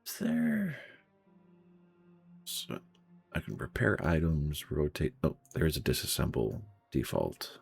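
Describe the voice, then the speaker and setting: A man's voice: very deep voice, wildly swooping pitch, slow, gravelly, pauses often, soft background music. A man streaming a game live, muttering through his looting and reacting to chat in casual commentary.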